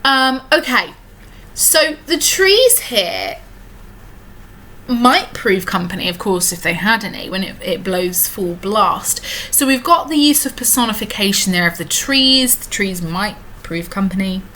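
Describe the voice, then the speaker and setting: A woman teaching a poem in a recorded lesson, voice at an ordinary middle pitch. She works through the lines step by step, slows down to read verses aloud and leans on fillers as she thinks. A faint hiss runs under the recording. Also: expressive, pushed and bright. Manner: explains step by step, many fillers, reads lines slowly.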